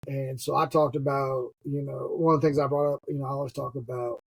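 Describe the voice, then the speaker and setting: A man's voice: medium pitch, little pitch movement, fast, gravelly, breathy edge, rough recording. A middle-aged man with a Southern US accent, a podcast guest talking casually, swearing freely and laughing often. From US Gulf Coast. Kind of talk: casual conversation.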